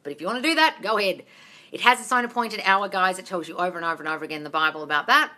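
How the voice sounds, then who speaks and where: Her delivery is rapid-fire, bright and forceful, at a medium pitch. She's a manifestation coach answering comments on a phone livestream, addressing viewers as darling while swearing freely and speaking bluntly in this Q&A chat.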